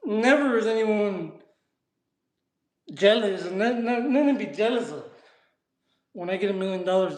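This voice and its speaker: A man chatting casually in street slang while he works out on a live stream and answers his chat. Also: sits high. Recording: echoey room.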